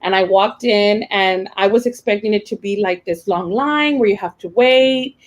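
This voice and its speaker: A woman's voice: medium pitch, moderate pace, poor audio. A young adult woman teacher, telling a personal story in a rambling, emotional way with many fillers and restarts. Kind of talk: casual personal account.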